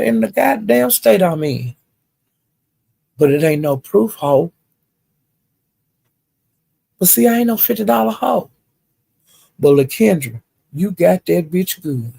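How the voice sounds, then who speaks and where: An older woman telling a story in a loud, profane, animated casual rant. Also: low-pitched, vocal fry, husky.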